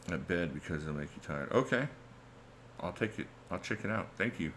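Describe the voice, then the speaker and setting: This livestream host, a middle-aged man, has a low-pitched, fairly bright voice and speaks rather quickly. Chatty and laid-back, he reads viewers' comments and laughs often, with a little noise in the background.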